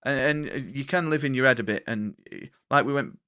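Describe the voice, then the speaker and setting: A man co-hosting a podcast, talking in a rambling, halting way with casual swearing. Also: mid-range voice, pushed and bright, no echo, clean studio sound. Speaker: podcast co-host. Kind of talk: casual chat.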